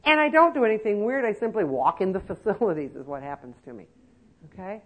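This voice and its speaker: An elder-care trainer lectures nursing-home staff, emphatic and conversational, asking many rhetorical questions. Her mid-range voice is expressive and quick, on a rough recording.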